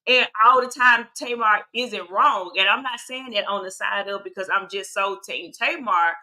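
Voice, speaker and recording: A woman co-hosting a casual gossip chat about a reality show, animated and opinionated, laughing often. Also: mid-range voice, normal speed.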